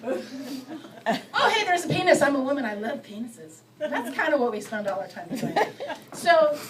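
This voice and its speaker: A middle-aged woman doing a stand-up comedy set, self-mocking and acting out her bits with quick shifts of voice. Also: high voice, big pitch swings, far from the mic, crowd noise, rough recording. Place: comedy club stage before a live audience.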